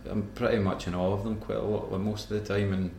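A man's voice: on the low side, level tone, fast talker, gravelly, a little mellow, a little hiss or hum. A man with a Scottish accent, chatting as a musician guest in an interview, rambling and laughing often as he tells stories. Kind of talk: casual interview chat. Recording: roomy echo.

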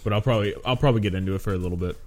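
A man's voice: on the low side, very fast, a little mellow, faint music behind. A man co-hosting a casual gaming podcast, rambling, swearing freely and laughing often. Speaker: podcast co-host.

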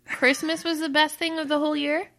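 A woman's voice: high voice, level tone, a little fast, sharp tone. A woman hosting a casual family chat, asking a child questions in a playful, upbeat way and laughing easily.

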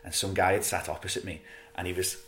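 A man's voice: deep voice, flat delivery, fast talker, a bit bright, echoey room, a little hiss or hum. A British man chatting as a podcast guest, telling a travel story in a self-mocking, laughing way. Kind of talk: casual storytelling.

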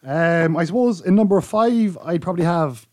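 Deadpan Irish man, dry humor. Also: high voice, normal speed, dry recording. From Ireland. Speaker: podcast co-host. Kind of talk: casual banter among friends.

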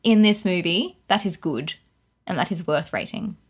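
This podcast co-host has a husky, lowish voice and talks at normal speed. In a laid-back chat reviewing a film, she rants in disbelief, lively and breaking into laughter.

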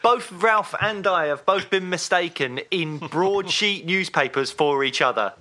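A man's voice: high voice, animated, measured pace, bright, forceful tone. A man appearing as a podcast guest, talking in a dry, dismissive way and repeating words as he goes. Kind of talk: casual chat.

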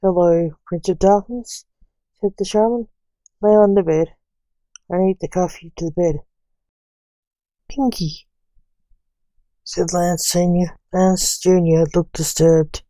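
A woman reading a story aloud in an even, unhurried way, with little change of voice between characters. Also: on the low side, no room sound. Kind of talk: read-aloud story narration.

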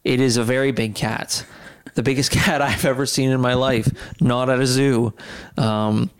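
A man's voice: medium pitch, moderate pace, clear, resonant tone. A man hosting a podcast, telling a story in a casual chat and laughing as he goes. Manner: animated storyteller, laughs mid-sentence. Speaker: podcast host.

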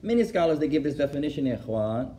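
A man gives a lesson in a mellow, fairly high voice. He moves back and forth between English and Arabic, repeating key phrases for emphasis and laughing at his own anecdotes. His delivery is that of a teacher addressing a class. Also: expressive, quick pace. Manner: switches between English and Arabic, translating as he goes. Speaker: Islamic teacher.

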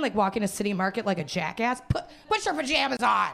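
A Winnipeg woman with a medium-pitched, gravelly, fairly bright voice talks fast and very animatedly in a stand-up set before a live audience. Hungover, she rambles, makes fun of herself, laughs as she goes and uses put-on voices when quoting.

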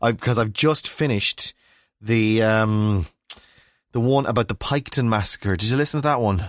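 A man's voice: lowish voice, moderate pace, no room sound, clean studio sound. Wry Irish man in his forties. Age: 40s. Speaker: radio co-host. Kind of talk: casual chat.

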